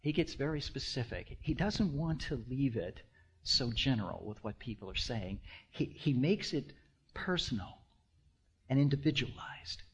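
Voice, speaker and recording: A man in his sixties, a pastor, preaching a sermon with rhetorical questions to the congregation, swinging between hushed asides and loud emphasis. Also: medium pitch, animated, normal speed, husky, dull audio. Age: 60s.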